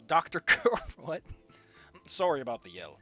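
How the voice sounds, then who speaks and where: Over a game with faint music behind, a non-native English-speaking streamer chats, jokes, and pokes fun at themselves. The voice is medium-pitched with big pitch swings at normal speed, veering from loud outbursts to mumbles.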